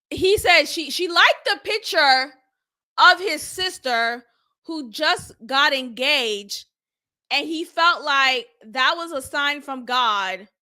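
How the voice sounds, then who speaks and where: Animated high-pitched woman recapping a reality show. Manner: animated, blunt, laughing, slangy. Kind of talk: casual recap commentary.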